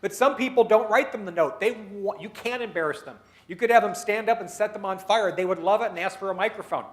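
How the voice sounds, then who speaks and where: High-voiced man giving a motivational talk. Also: quick pace. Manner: storytelling, leads the audience through exercises; acts out quoted people in his stories. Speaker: keynote speaker. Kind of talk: motivational speech at a dinner meeting.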